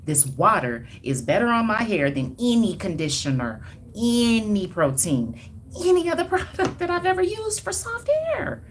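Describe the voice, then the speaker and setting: A woman's voice: medium pitch, a little hiss or hum. A woman hair stylist talking casually and emphatically to viewers on a livestream, with sassy, colloquial asides and chuckles. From Denver, Colorado. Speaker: hair stylist and brand owner.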